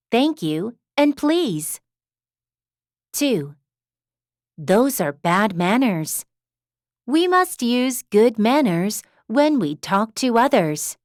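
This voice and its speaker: A woman reading English example sentences for parents, slow and clearly enunciated, in a gentle tone meant for a young child. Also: a little high, dry recording, studio quality. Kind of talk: scripted reading of parenting phrases.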